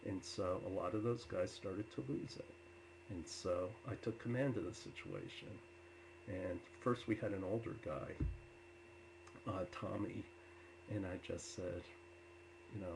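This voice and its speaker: A man telling personal stories to an audience with many filler uhs, turning loud and animated when he quotes himself. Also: low voice, a little slow, gravelly, background noise. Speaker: storyteller. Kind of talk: personal storytelling talk.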